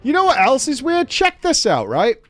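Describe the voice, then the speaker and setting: A man in his thirties chatting and ranting on a stream, swearing freely in an animated way. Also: extremely high pitch, normal speed. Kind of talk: casual stream chat.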